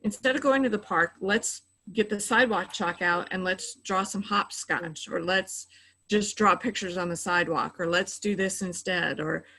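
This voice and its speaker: A woman's voice: mid-range voice, moderate pace, sharp tone, low-quality recording. A middle-aged woman who works in mental health, patiently explaining coping tips in a conversational interview, with frequent "you know" fillers.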